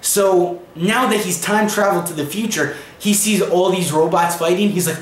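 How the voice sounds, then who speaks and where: Young male vlogger, high voice, chatty comic recap full of fillers, echoey room. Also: moderate pace, few pauses. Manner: chatty, filler-heavy retelling. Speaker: comic book reviewer. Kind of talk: casual video review.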